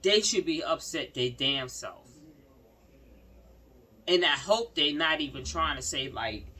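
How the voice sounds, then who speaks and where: A woman's voice: low voice, lively intonation, measured pace, sharp tone, breathy edge. Emphatic woman vlogger, slightly distant mic. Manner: emphatic, repeats herself, talks straight to viewers. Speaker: vlogger commenting on news. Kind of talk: casual commentary. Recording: slightly distant mic with faint background noise.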